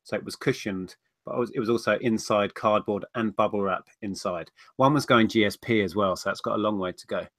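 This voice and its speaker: A man's voice: on the low side, brisk, hardly any pauses, a bit bright, no room sound, studio quality. A man chatting casually on a livestream, rambling through viewer questions. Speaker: co-host of a reselling livestream.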